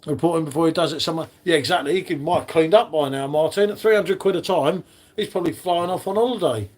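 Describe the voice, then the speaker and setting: A man's voice: on the high side, fast talker, a little mellow. A man hosting a casual live stream, chatting with viewers in the chat by name. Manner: chatty, matey, talks to chat readers by name.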